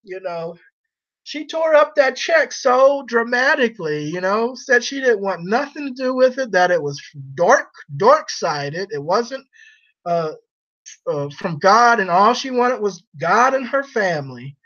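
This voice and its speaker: A man's voice: sits high, expressive, measured pace, fairly bright tone, dull audio. Rambling, laughing man on a livestream. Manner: rambling and teasing, laughs often. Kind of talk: casual chat on a livestream.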